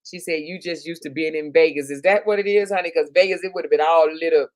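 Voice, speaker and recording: A woman's voice: low voice, quick pace, a little mellow, dry recording. A woman hosting a casual live stream, reading viewers' comments aloud and calling them honey and girl in an affectionate, chatty manner. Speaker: YouTube live stream host.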